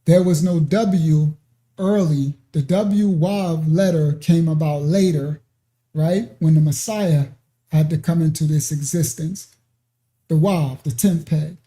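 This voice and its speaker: Ministry teacher, informal bible lesson, unhurried delivery, deep mellow tone, keeps asking right, okay. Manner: explains slowly, checks in with "right?" and "okay?"; digressive, with many fillers and restarts.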